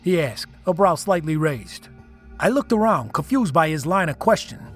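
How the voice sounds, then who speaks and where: A man's voice: a little high, expressive, normal speed, faint music behind. A man reading a first-person story aloud, telling it dramatically and with emotion. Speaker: narrator. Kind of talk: first-person scripted narration.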